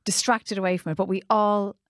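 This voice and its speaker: A woman's voice: mid-range voice, fairly even intonation, a little fast, dry recording, studio quality. A woman co-hosting a podcast, chatting earnestly and agreeing readily. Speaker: podcast co-host. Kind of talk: casual chat.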